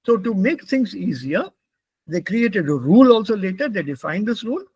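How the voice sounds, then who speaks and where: High-voiced man teaching pronunciation. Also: big pitch swings, normal speed, a little mellow, breathy edge, no room sound. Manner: patient, explains step by step, mixes in Hindi. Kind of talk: classroom explanation.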